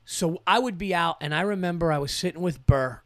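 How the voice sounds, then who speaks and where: A man hosting a podcast, a comedian telling stories in a casual, profane, animated way. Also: a little high, a little fast, no room sound. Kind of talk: casual chat.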